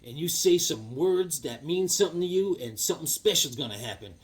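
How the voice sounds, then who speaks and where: A man voicing a kindly old cowboy who drawls slowly in a husky, hushed voice. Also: on the high side, expressive, lightly acted. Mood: drawling, gentle.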